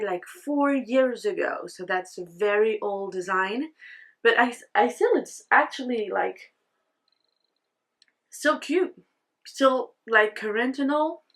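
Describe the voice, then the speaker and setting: Slow-talking chatty woman with a French accent. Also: medium pitch, a bit bright. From France. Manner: chatty, rambling, laughs at herself. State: tired. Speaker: knitting vlogger. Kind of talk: casual vlog chat.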